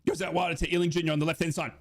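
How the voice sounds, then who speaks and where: A man giving excitable live football commentary during a watch-along, his voice jumping high in big moments as he reads out and answers viewer comments. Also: rapid-fire. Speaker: football fan commentator and streamer.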